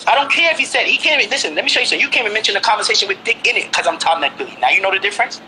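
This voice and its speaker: A guest from Brooklyn, New York, in his forties talks fast and heatedly in casual conversation, pressing his listener with repeated questions. His high-pitched voice is very bright, sharp and expressive, and the rough recording carries a faint hiss of background noise.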